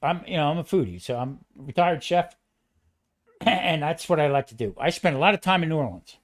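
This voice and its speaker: A man rambles through stories in casual chat, jumping in excitedly and restarting his sentences. His voice sits a touch higher than most men's. He talks like a retired chef swapping tales with friends. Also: brisk.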